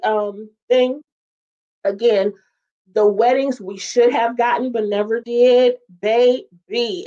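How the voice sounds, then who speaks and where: Animated chatty woman host, lo-fi. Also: a little high. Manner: animated, chatty, talks straight to viewers with "y'all" and "child". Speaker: host of a sitcom talk show. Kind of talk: casual livestream chat with viewers.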